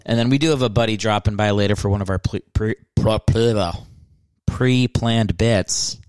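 A man's voice: on the low side, moderate pace, a little mellow, clean tone, no echo, clean studio sound. A man hosting a solo comedy podcast, rambling and joking about himself, often restarting his sentences. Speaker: podcast host.

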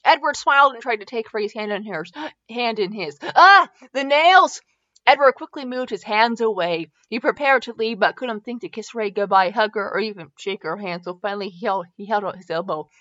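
A woman reads a comic fanfiction aloud, chuckling at the jokes and tripping over her words. Her voice sits at a middling pitch. The recording is a little dull and lo-fi. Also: fairly quick, fairly bright tone, no echo. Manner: giggly, stumbling over words. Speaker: fanfiction reader. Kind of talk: comic story reading.

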